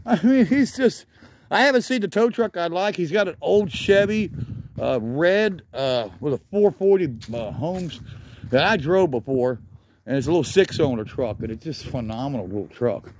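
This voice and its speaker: A man's voice: a little high, animated, moderate pace, a little mellow, slight background noise. A man walking around outdoors filming a junkyard, rambling enthusiastically as he names vehicles, a little out of breath. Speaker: vlogger. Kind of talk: casual walk-around commentary.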